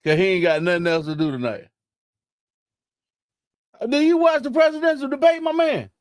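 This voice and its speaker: A man's voice: very high-pitched, expressive, normal speed, clean tone, no echo, studio quality. A young man chatting casually on a live stream, laughing and teasing in slangy talk.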